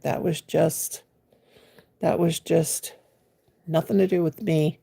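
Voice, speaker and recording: A chatty woman, talking to viewers on a phone livestream while she crochets. Her voice is deeply gravelly and husky, and her manner is homey and folksy. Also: steady tone, slow, warm tone. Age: 60s. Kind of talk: casual live-stream chat.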